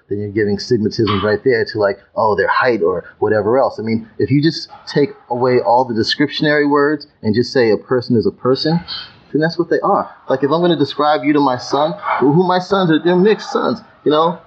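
A youth coach appears as a guest in a conversational podcast interview, speaking in a mid-range voice at a fairly quick pace. His voice has a breathy edge and the highs are cut off, and he repeats words emphatically as he works toward his point.

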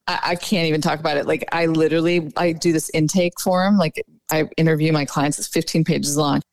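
A woman dating coach talking casually in a podcast interview, chatty and quick to say "like" and "you know.". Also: sits low, steady tone, dry recording.

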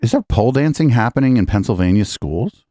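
A man's voice: mid-range voice, animated, brisk, dark tone, slight background noise. A man hosting a podcast, mocking and profane, reacting incredulously to political clips. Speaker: podcast host. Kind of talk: sarcastic political commentary on clips.

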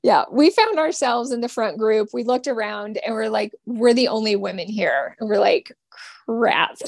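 A young woman, a cyclist, talking as a guest in a casual podcast chat, halting with many fillers and restarts. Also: on the high side, creaky, a little mellow, no room sound.

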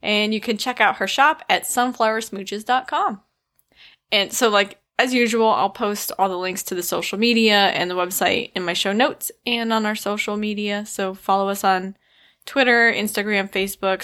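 A woman co-hosting a casual podcast, chatty and quick to laugh as she reads out listener shout-outs. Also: medium pitch. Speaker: podcast co-host.

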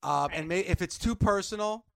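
Guy co-host with a high bright voice, jokey, super dry close sound. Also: creaky, dry recording. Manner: jokey, laughs along, quick asides. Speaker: radio co-host. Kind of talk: casual interview.

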